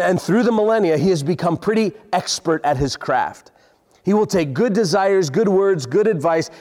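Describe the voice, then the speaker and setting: A man's voice: on the high side, a little mellow. A man in his forties preaching a sermon to a congregation, earnest, often repeating words as he builds his points. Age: 40s. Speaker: pastor. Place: large hall with congregation. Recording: long hall reverb.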